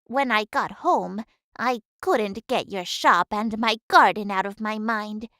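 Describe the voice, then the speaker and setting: A woman's voice: medium pitch, slow, bright, forceful tone, no room sound, studio quality. A woman voicing a humble, talkative housekeeper in a game, speaking reflectively about her life. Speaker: housekeeper of a manor. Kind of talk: game voice acting.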